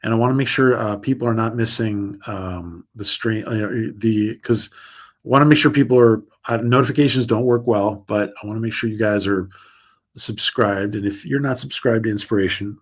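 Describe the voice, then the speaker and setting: A fairly low-pitched man hosts a relaxed livestream and chats loosely with viewers as he reads their comments. He rambles, restarts his sentences often, and stays upbeat throughout. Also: normal speed. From United States. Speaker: livestream host. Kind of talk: casual livestream chat reading viewer comments.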